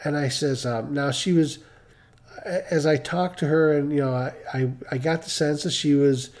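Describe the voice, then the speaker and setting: A man's voice: on the high side, fairly even intonation, normal speed, a little mellow. A middle-aged man telling a story casually on a live stream, rambling and acting out the dialogue he quotes.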